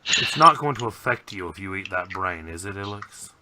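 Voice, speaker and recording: A man playing a tabletop game, blunt and gruff when in character. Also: deep voice, lively intonation, moderate pace, very noisy. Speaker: player. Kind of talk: casual tabletop play.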